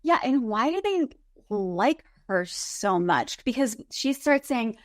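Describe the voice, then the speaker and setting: A woman's voice: fairly high pitch, animated, unhurried, no echo, clean studio sound. A woman co-hosting a casual recap podcast, exasperated, acting out quotes as she retells scenes. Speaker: podcast co-host.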